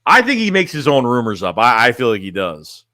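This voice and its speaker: A man's voice: medium pitch, wildly swooping pitch, fairly quick, bright, forceful tone, dry recording, studio quality. A man chatting casually on a livestream as a sports fan streamer, reading chat and talking bluntly, rambling and restarting his phrases.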